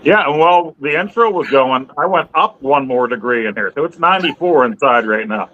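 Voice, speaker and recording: A man's voice: mid-range voice, animated, normal speed. A laid-back man from the Pittsburgh area co-hosting a casual livestream, joking along. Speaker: livestream co-host. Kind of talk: casual chat. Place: hot room with a fan blowing. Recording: dull lo-fi mic.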